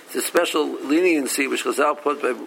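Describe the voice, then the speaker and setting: A man leads a casual Talmud class. His voice has a gravelly edge, and he reads each line before explaining it plainly, often stopping to restart a phrase. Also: medium pitch, brisk, a crowd in the background, rough recording. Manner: reads Aramaic text then explains in English, with frequent restarts. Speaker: Talmud teacher.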